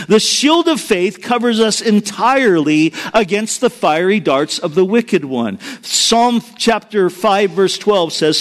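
A middle-aged man preaching a sermon, telling a personal story in an earnest way that moves between hushed and emphatic. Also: sits high. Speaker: pastor.

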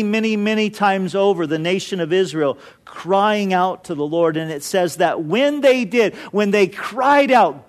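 A man preaching an earnest, impassioned sermon, building through repeated phrases. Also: high voice. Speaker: pastor.

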